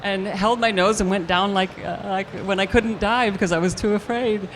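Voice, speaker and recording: An older actress telling an animated story in a live stage interview, acting out the voices of the people she quotes. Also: medium pitch, normal speed, a little hiss or hum. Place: convention stage with audience hall ambience.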